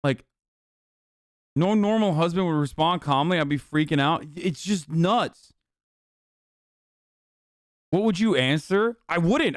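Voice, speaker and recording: A man's voice: on the high side, slow pace, pauses often, no echo, clean studio sound. A man streaming, giving casual, profane, incredulous commentary on a video. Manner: profane, incredulous, animated rants. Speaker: streamer reacting to a documentary.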